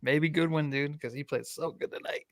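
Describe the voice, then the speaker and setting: A man's voice: a little high, fairly even intonation, moderate pace, a bit bright, dry recording, studio quality. Laid-back podcast co-host, a man. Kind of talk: casual sports podcast chat.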